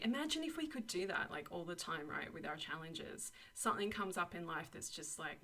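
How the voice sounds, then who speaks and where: A woman's voice: on the low side, lively intonation, fairly quick, few pauses, pushed and bright. A young woman giving a casual tarot and oracle card reading, effusive and encouraging, with frequent laughs and lots of "like" and "you know.". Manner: effusive and encouraging, full of 'like' and 'you know'; laughs often.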